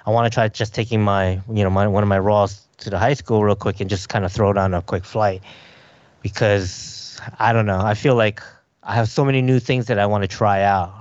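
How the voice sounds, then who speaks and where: A man's voice: on the low side, fairly even intonation, a little fast, no echo, highs cut off. A man hosting a podcast in casual chat, talking in a rambling way full of fillers. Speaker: podcast host.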